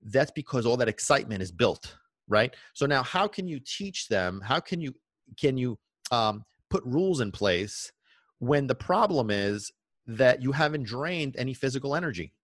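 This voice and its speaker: A man hosts a podcast monologue about dog training in an emphatic, preachy way. He drives points home with rhetorical questions and a constant "okay?". His voice sits at a middle pitch, recorded close and dry. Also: lively intonation, moderate pace, fairly bright tone, dry recording.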